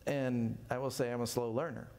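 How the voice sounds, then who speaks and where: Fifties male teacher, gravelly voice, relaxed self-deprecating Bible study delivery. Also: mid-range voice, brisk, a little hiss or hum. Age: 50s. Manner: folksy, self-deprecating, with frequent asides.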